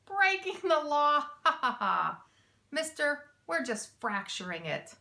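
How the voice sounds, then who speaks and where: A woman's voice: a little high, expressive, measured pace, bright, forceful tone, heavily acted. A woman reading aloud, voicing a polite, long-winded adult male hijacker in a children's storybook. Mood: bossy. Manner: formal, fussy, long-winded.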